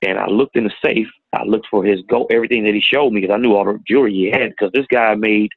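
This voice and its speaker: A middle-aged man telling a painful personal story in a plain-spoken, halting way, recorded with tinny phone-like sound. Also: fairly low pitch, fairly even intonation, creaky, no echo. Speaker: guest telling his story. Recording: tinny phone-like audio, dry.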